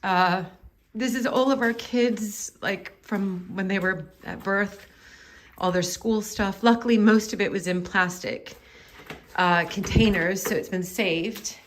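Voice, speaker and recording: A woman's voice: medium pitch, steady tone, slow, a little hiss or hum. Emotional American woman vlogging. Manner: emotional, rambling, apologetic. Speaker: vlog host. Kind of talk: casual vlog talk. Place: manor house cellar. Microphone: handheld camera she is filming with.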